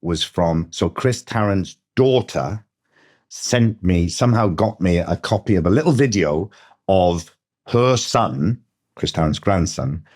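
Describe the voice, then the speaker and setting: A man from Wales with a Welsh accent, a guest in a casual podcast chat, explaining words patiently and deliberately. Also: deep voice, lively intonation, a little mellow, breathy edge.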